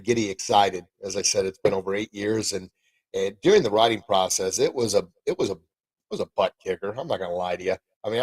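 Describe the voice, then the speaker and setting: Lower-voiced upbeat man hosting a podcast. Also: a little mellow, no room sound, rough recording. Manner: upbeat, rambling, folksy exclamations. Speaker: podcast host and martial arts coach. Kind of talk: casual podcast and live stream talk.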